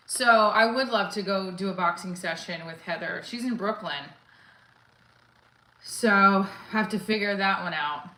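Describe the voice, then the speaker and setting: A woman's voice: mid-range voice, bright, forceful tone, echoey room, poor audio. A woman comedian live-streaming while working out, out of breath and chatting casually with viewers as she reads their comments. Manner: chatty, answers viewers' comments, counts reps aloud.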